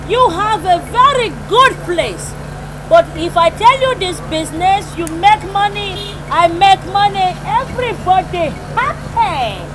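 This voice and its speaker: An actress playing a boastful Congolese woman who pitches money schemes in broken English with a French-tinged accent and frequent laughs. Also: animated, measured pace, background noise. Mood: boastful, wheedling. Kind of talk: comedy film acting.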